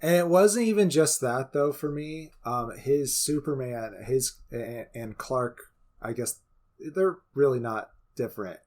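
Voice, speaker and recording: Male podcast co-host, average pitch, stop-start hedging delivery with a teasing streak. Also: lively intonation, a little slow, a little mellow. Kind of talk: casual chat.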